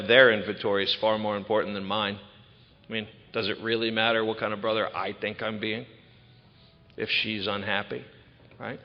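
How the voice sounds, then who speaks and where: A man in his thirties from Maryland telling his recovery story candidly to a large gathering. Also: on the low side. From Ocean City, Maryland. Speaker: recovery speaker. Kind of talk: personal testimony talk. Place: large event hall. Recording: echoey hall, dull lo-fi sound.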